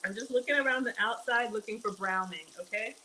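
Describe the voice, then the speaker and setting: A young adult to middle-aged woman livestreams from her home kitchen, chatting casually with viewers as she cooks, calling them y'all and reading donations aloud. Her voice is fairly high, a little fast, pushed and bright. The low-quality recording carries a little hiss or hum.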